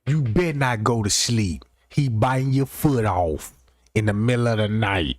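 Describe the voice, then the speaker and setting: A man's voice: lowish voice, expressive, moderate pace, dry recording. Rambling man on a profane comic rant. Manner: rambling, keeps asking "you know what I'm talking about". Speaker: livestream host.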